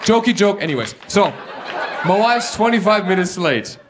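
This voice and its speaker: A German man with a German accent doing stand-up comedy and crowd work on a club stage, animated and mocking as he riffs with the audience. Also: high voice, normal speed. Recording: live club recording, clear crowd noise.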